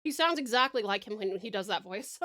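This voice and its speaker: A woman's voice: mid-range voice, animated, a little fast, pushed and bright. A woman with an Australian accent chatting casually on a live stream, giggling and eating as she talks. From Tasmania, Australia.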